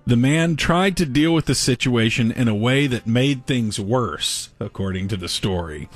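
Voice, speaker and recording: A man co-hosting a casual talk show, telling a gross news story in an animated way and laughing through it. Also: mid-range voice, normal speed, no echo, faint music behind. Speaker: podcast co-host. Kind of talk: casual chat, reading a news story aloud.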